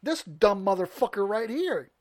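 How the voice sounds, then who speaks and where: A man's voice: high voice, big pitch swings, moderate pace, a little mellow. A man co-hosting a podcast, ranting and swearing constantly as he laughs through a video clip. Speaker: podcast co-host. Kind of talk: profane casual banter.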